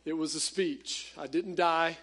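A pastor preaching a conversational, animated sermon that speaks straight to his congregation. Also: a little high, unhurried.

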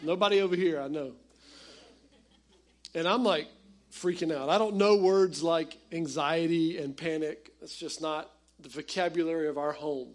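A pastor preaching a conversational, animated sermon that speaks straight to his congregation. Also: fairly high pitch, normal speed.

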